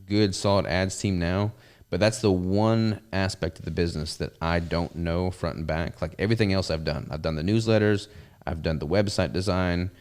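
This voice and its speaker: A man with a Southern US accent talks in an easygoing, rambling way, full of fillers. His voice sits very low and sounds smooth and resonant. He chats casually as a podcast host. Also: steady tone, moderate pace, a little mellow. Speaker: podcast host and business owner. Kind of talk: casual chat.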